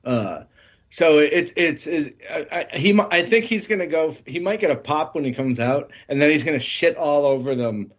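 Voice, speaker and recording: A man co-hosts a casual wrestling podcast, rambling, restarting his sentences and swearing freely. His voice is on the high side at normal speed, captured in dull lo-fi audio.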